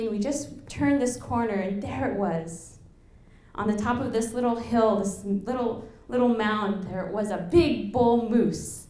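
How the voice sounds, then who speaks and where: A young woman from Alaska telling a lively personal story to an audience, laughing and acting out the quotes. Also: on the high side. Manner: animated, laughing, acts out quotes. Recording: echoey room.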